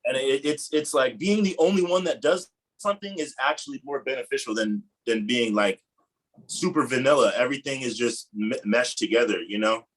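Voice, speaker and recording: A man's voice: medium pitch, moderate pace, poor audio. A man, a real estate agent, telling a casual story on a team call in a slangy, laid-back way. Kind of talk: casual anecdote on a video call.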